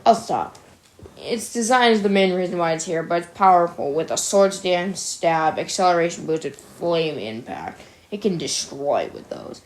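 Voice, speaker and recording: A young woman giving casual, opinionated commentary for a gaming video, chatty and quick to laugh at her own jokes. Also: on the low side, expressive, a little mellow.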